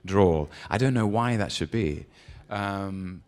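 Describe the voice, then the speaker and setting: A man with a very deep voice answers interview questions, pausing on ums as he thinks. He tells stories with relaxed ease and breaks into laughter readily. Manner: thoughtful, hesitant with ums, laughs easily. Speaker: actor, interview guest. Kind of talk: relaxed anecdote and advice in an on-stage interview.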